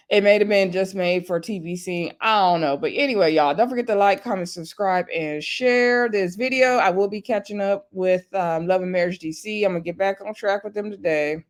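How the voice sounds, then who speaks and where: A chatty woman with a mid-range voice casually recaps a reality show episode. She laughs often and acts out the cast members' lines.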